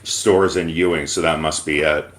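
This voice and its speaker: An American man making an angry complaint call over the phone, emphatic and pausing to choose his words. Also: extremely low pitch, fairly even intonation, fairly bright tone, slight background noise. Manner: indignant, emphatic, pauses to pick words. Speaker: caller reporting to corporate. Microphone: phone call recording.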